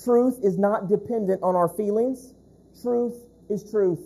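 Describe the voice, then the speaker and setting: A male pastor delivering a sermon in a deeply mellow, warm voice with a husky edge. He presses his points by repeating them, drawing the words out, and putting questions straight to the congregation. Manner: emphatic, repeats key phrases, slows down to stress points; speaks directly to the congregation with questions. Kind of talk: preaching a sermon.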